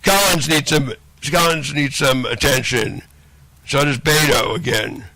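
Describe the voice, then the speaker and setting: A man's voice: medium pitch, measured pace, vocal fry, bright, forceful tone, no room sound. A man delivering a rambling, profane monologue, looping back and repeating phrases over and over. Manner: profane, repetitive, rambling rant.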